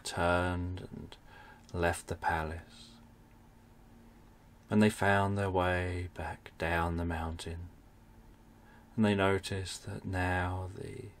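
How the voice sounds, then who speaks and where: A man narrating a bedtime story for adults, speaking in a soft, soothing way. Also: low-pitched, slight background noise.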